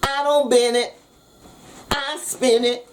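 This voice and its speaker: A woman's voice: sits high, level tone, slow, music in the background. A woman hosting a casual cooking vlog in her kitchen, talking in a playful, jokey, slangy way. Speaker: cooking show host. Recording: noisy background.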